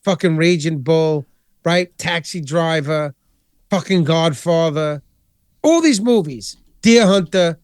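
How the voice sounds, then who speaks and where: A man hosting a podcast, chatting casually in a rambling, animated way and swearing constantly. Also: fairly high pitch, slow, smooth, no room sound, clean studio sound. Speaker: podcast host. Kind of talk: casual chat.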